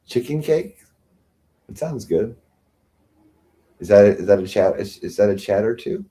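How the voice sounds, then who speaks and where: A man's voice: fairly low pitch, lively intonation, a little slow, mellow. A man hosting a livestream, ranting sarcastically and with self-pity, often mocking others. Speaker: livestream host. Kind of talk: rambling livestream rant.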